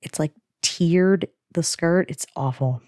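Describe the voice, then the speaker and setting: A woman's voice: on the low side, takes it slowly, darkish tone, dry recording, studio quality. A woman hosting a podcast, chatting casually through a sitcom recap with lots of fillers and giggly asides. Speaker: podcast host.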